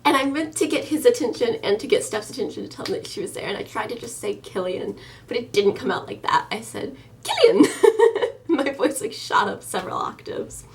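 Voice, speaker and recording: A woman's voice: fairly high pitch, fairly quick, recorded from a distance. A young American woman in her early twenties, chatting to camera in a casual vlog, eager and full of ums and likes. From United States. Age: early 20s. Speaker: vlogger.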